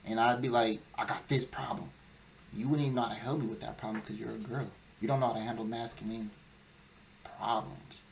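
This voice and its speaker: A man's voice: fairly low pitch, steady tone, quick pace, gravelly. A young man hosting a casual dating talk show, laying out his views emphatically and acting out whiny quotes. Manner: emphatic, lecturing, acts out quoted whining. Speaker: podcast host. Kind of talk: casual chat.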